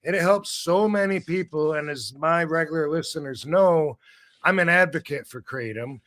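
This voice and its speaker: Rambling blunt man with a higher voice. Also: normal speed. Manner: blunt, rambling, animated storytelling. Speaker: podcast host. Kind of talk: casual chat. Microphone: video call.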